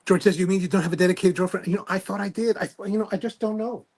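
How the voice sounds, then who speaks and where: Male livestream host, gravelly and husky tone, loose rambling self-deprecating delivery while reading viewer comments. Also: high voice, rapid-fire, a little mellow. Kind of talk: casual chat, reading viewer comments aloud.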